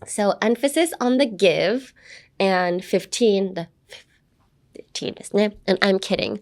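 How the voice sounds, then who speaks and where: A woman's voice: medium pitch, lively intonation, moderate pace, a little mellow. Chatty young woman teaching pronunciation. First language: English. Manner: chatty, playful, demonstrates words repeatedly. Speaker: podcast host teaching English pronunciation. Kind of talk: casual podcast lesson.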